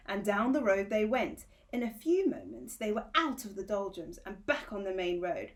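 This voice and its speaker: A woman, a teacher, reading a children's novel aloud, with clear storytelling and occasional small slips. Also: mid-range voice.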